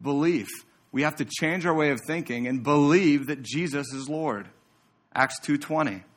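Guy preaching sunday morning in church, middle-pitched voice, talks to the room like a chat. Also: fairly bright tone. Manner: conversational preaching with asides to the congregation. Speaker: pastor. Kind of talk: sermon.

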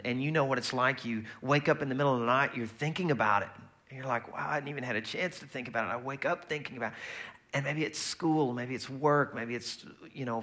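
Male pastor, casual sermon delivery, bright forceful tone. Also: medium pitch. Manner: conversational and lively, acts out quoted voices.

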